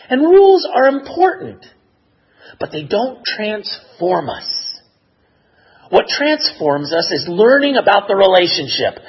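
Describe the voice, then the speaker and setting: A man preaching a sermon in an expressive, measured way that builds to emotional emphasis. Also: high voice, breathy edge, dull audio. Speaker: pastor.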